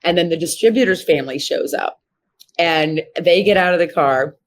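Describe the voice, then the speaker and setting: A woman in her fifties from Missouri, speaking in a fairly low voice as an interview guest. She tells her story with animation and jumps high in pitch to act out the people she quotes. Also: moderate pace. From Missouri, USA. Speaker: guest, horse trainer.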